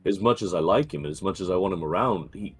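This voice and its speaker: A man's voice: low voice, fast talker. A man playing a tabletop game online, speaking in character in a hesitant, stammering way. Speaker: player.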